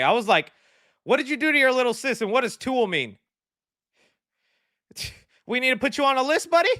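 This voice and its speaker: A man's voice: smooth, dry recording, clean studio sound. A young man hosting a live movie discussion stream, reading viewer comments in casual chat and laughing often. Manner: excitable, laughs often, animated shifts in pitch.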